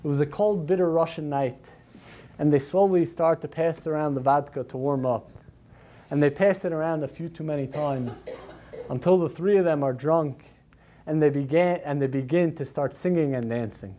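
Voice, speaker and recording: Guy with a high voice telling a sermon story, dramatic, does the voices. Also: normal speed, mellow. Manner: dramatic, acts out quoted lines. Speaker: speaker at a community program.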